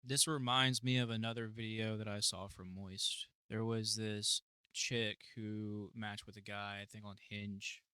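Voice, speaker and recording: A man hosting a reaction video, talking casually and swearing freely, and bursting into laughter often. His voice is mid-pitched with a bright, forceful edge. The sound is dry and close. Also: measured pace, clear, resonant tone, dry recording. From United States. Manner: profane, excitable, laughing often. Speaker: reaction channel host.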